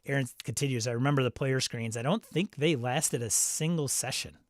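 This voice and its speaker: A man's voice: medium pitch, brisk, no room sound, studio quality. A man hosting a live game stream, reading viewer comments aloud and chatting in a loose, self-interrupting way. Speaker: stream host.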